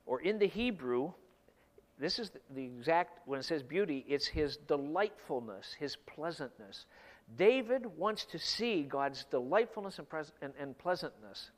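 A middle-aged man preaching a sermon, swinging between emphatic bursts and hushed, slow stretches. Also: medium pitch. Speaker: pastor. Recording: long hall reverb.

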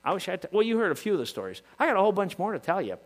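A man preaching a sermon to his congregation, asking rhetorical questions and working up to shouts. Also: high-pitched, sing-song, rapid-fire. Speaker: pastor. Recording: long reverb, hall.

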